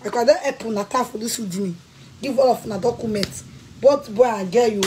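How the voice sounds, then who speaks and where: Speaking fairly quickly, a woman vlogger with a Nigerian accent delivers an angry rant to camera, her scolding and threats breaking into sudden shouts. Her pitch sits a bit above the typical woman's, with a faint hum of noise underneath.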